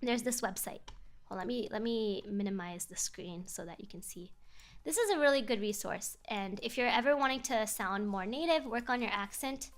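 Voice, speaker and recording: A woman's voice: mid-range voice, normal speed, faint music behind. A chatty young woman streaming a casual chat, laughing often and switching between English and Japanese.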